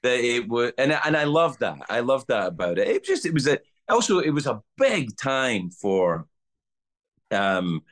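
A middle-aged man with a Scottish accent tells stories in relaxed podcast chat. He swears freely and acts out other people's lines. His pitch swings widely, keeping the telling lively. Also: a little slow. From Scotland. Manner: animated, swearing storyteller acting out voices. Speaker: guest comedian. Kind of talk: casual podcast storytelling.

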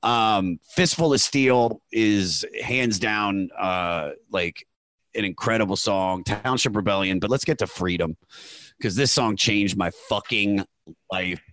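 A man with a Baltimore accent, hosting a casual podcast chat and talking with excitement about music. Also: fairly low pitch, measured pace, no room sound. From Baltimore area. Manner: enthusiastic, swears freely. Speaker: podcast host.

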